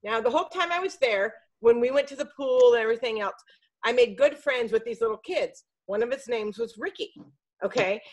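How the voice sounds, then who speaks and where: A middle-aged woman telling a story in casual chat, animated and swearing freely. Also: a little high, fairly quick, low-quality recording. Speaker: podcast guest. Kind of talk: casual storytelling on a group video call.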